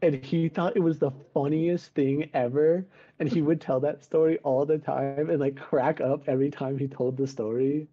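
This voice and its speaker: A man's voice: on the high side, fairly even intonation, normal speed, few pauses. A young man co-hosting a podcast in casual chat, telling rambling stories over a video call. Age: young adult. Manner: rambling storyteller, laughs at himself. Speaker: podcast co-host. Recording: dull lo-fi video call audio.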